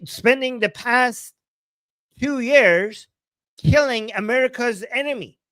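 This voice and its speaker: Ranting profane livestream host, dry sound. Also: male voice, high voice, expressive, slow, a bit bright, no echo. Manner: ranting, emphatic, profane, repeats phrases for force. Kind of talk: heated political livestream talk.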